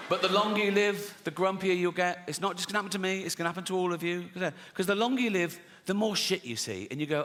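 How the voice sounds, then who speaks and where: A man performing a stand-up routine, chatty and profane, putting on quick voices for the people in his stories. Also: high voice, expressive, a little hiss or hum. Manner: conversational, swearing, acts out characters. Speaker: stand-up comedian. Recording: live stage mic in a large hall with loud audience ambience.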